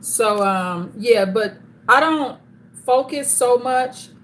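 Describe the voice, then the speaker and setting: A woman's voice: a little high, slow, fairly bright tone. A woman hosting a live stream, chatting casually and greeting viewers by name as they join.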